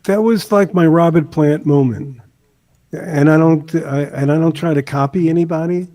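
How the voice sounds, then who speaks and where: Male guest, high voice, playful and self-mocking in casual chat. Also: moderate pace. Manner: joking, self-deprecating, animated. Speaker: guest musician.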